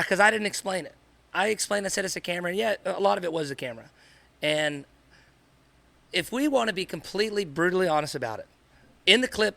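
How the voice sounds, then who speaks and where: A man's voice: fairly high pitch, creaky, pushed and bright. A man co-hosting a podcast, speaking earnestly and in a rambling way, often repeating himself. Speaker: podcast co-host, father. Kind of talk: candid podcast conversation.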